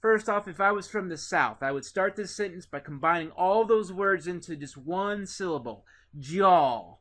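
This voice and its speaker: Man lecturing, higher-pitched voice. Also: moderate pace. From Indiana. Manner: relaxed, lots of "uh" fillers, conversational. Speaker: teacher. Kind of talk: recorded classroom lecture.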